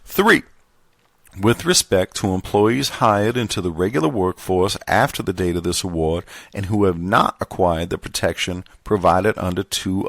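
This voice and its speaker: A man reading a contract manual aloud in a put-on Southern gentleman voice, measured and formal. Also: fairly low pitch, vocal fry, no echo, heavily acted. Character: genteel Southern gentleman reading legal text.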